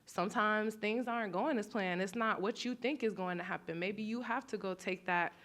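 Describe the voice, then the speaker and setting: A woman's voice: medium pitch, normal speed, fairly bright tone. Young woman speaking up from the audience. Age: 20s. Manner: casual, outspoken, filler-heavy. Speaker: audience member, recent graduate. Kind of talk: audience question at a panel.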